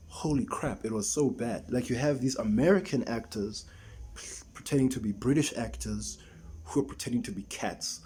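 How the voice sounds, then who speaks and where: A man's voice: medium pitch, mellow, a little hiss or hum. A man giving a casual, rambling film review, exasperated and full of restarts and rhetorical questions.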